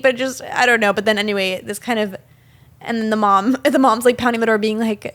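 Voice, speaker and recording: A young woman co-hosting a film podcast, retelling scenes in a chatty, animated way with many fillers. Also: on the high side, normal speed. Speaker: podcast co-host. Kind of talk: casual film discussion.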